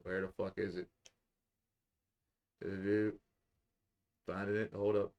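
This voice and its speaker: A young man co-hosting a podcast, telling stories in casual, profane, animated chat. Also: low-pitched, measured pace, highs cut off. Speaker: podcast co-host.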